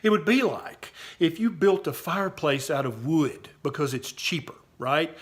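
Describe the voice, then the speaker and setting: A man's voice: on the high side, normal speed, hardly any pauses, fairly bright tone. A man with a Southern US accent giving emphatic, folksy health advice straight to camera as a doctor, often checking with "okay?". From Southern US, Tennessee. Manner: emphatic, folksy, repeats "okay?" to drive points home. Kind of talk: direct-to-camera health talk.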